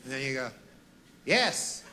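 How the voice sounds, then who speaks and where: A man delivering a stand-up comedy monologue with a deadpan, rambling manner, tossing in asides and folksy fillers. His voice is bright and sits slightly high. A faint ambience is heard behind him. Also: a little fast, slight background noise. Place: comedy stage with a live audience.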